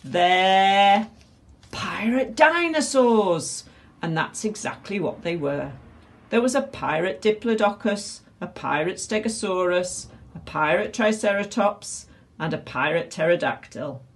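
A woman reads a children's picture book aloud, her voice rising and falling with lively expression. She tells the story with animated energy. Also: lowish voice, normal speed.

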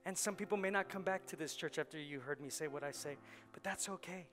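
Male pastor, fairly high voice, fervent sermon with hushed and loud stretches, faint music underneath. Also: fast talker. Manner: passionate preaching, swings from hushed to loud, repeats phrases. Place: church sanctuary.

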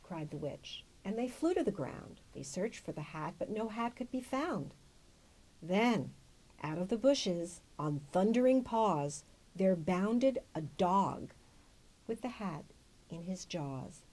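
A woman's voice: medium pitch, big pitch swings, slow pace, darkish tone, husky, rough recording. A woman reading a children's picture book aloud with dramatic, varied storytelling.

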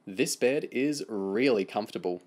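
A man's voice: fairly low pitch, expressive, moderate pace, a little mellow. A man reading aloud and voicing a smug, giggly girl who teases and bosses. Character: smug girl, teasing and bossy.

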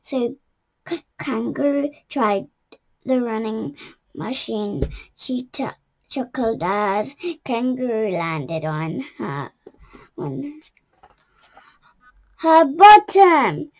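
A woman's voice: on the high side, animated, very slow, pauses often. A woman reading a children's picture book aloud, careful and with small restarts. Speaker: storyteller.

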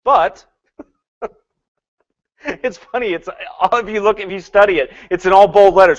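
A man preaching a sermon in an animated way, swinging between loud and hushed, laughing often and mocking with put-on quotes. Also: sits high, measured pace, pauses often.

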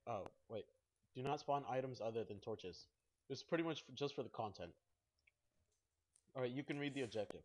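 A young man hosting a casual gaming video, goofy and excitable, rambling as he plays. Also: medium pitch, brisk, long pauses. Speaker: host. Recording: dull lo-fi mic.

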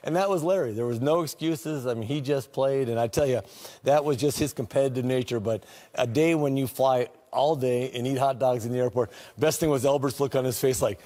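A man telling animated, laughing stories about a former teammate, full of fillers. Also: mid-range voice, fairly quick. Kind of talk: casual storytelling.

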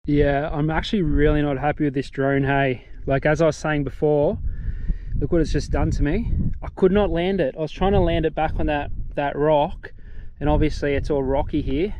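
Chatty Australian man, slightly high voice. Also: steady tone, normal speed, mellow, highs cut off. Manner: chatty, self-deprecating, rambling asides. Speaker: travel vlogger. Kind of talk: casual travel vlog. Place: outdoors on a mountain.

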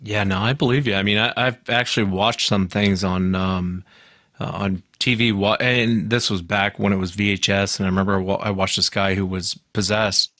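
A man's voice: on the low side, steady tone, normal speed, fairly bright tone, dry recording, clean studio sound. A man hosting a podcast, asking curious, polite questions in casual chat. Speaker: podcast host.

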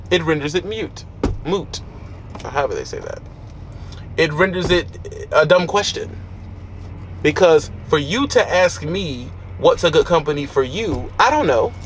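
A man's voice: a little high, animated, measured pace, a little hiss or hum. A man who drives a truck, giving blunt, preachy advice in street slang from his truck cab. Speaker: trucker vlogger.

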